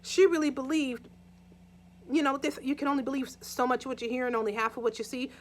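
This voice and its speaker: Chatty high-voiced woman telling a crime story. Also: fairly even intonation, fast talker, a little hiss or hum. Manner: chatty, talks to viewers, acts out the story. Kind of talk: casual true crime storytelling.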